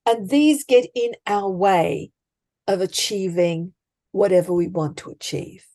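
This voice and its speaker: A woman life coach, speaking emphatically and deliberately as a podcast guest. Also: medium pitch, dark tone. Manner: emphatic, deliberate, acts out example thoughts. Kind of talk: conversational coaching talk.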